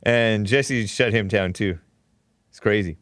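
A man's voice: fairly low pitch, slow, fairly bright tone, no room sound, clean studio sound. A man hosting a call-in talk show, chatting casually, laughing often and reading viewer messages aloud. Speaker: host.

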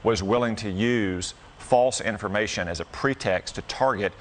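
A man's voice: fairly low pitch, moderate pace, a little hiss or hum. A man, a politician, speaking firmly and accusingly in a TV news interview.

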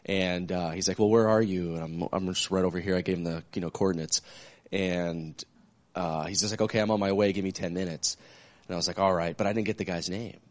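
A man casually telling a story in a church group, lively and acting out the phone calls he describes. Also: low voice, a little fast. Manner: animated, acts out phone calls. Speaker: church small-group member.

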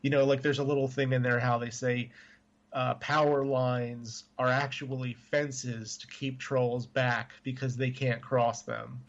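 A man's voice: medium pitch, little pitch movement, a little slow. Rambling guy on slightly dull audio. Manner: rambling, full of fillers and hedges. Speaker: podcast co-host. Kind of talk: casual chat about movies.

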